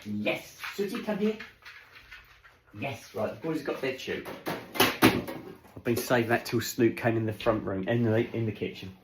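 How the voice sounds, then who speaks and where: A man's voice: medium pitch, moderate pace, echoey room, background noise. A man chatting casually on his home vlog as he unpacks groceries in his kitchen, rambling along and talking to his dogs. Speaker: vlogger. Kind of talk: casual chat.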